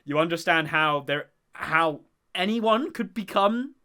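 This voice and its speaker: A man's voice: a little high, lively intonation, measured pace, bright, forceful tone, clean tone. A young man hosting a casual chat about a TV show, enthusiastic and rambling with many fillers. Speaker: podcast host.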